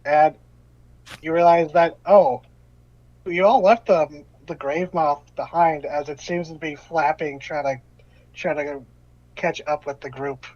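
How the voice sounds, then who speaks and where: A man runs a tabletop game as game master, narrating in a rambling, halting way with lots of fillers. His voice sits a little high, and the recording is muffled and lo-fi. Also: steady tone, a little mellow.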